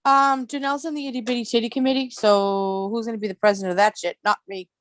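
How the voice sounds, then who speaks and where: A woman's voice: on the high side, fast talker, no echo. A woman hosting a casual livestream chat, talking bluntly and swearing constantly as she rants. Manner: blunt, heavy swearing, animated ranting. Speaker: live stream host.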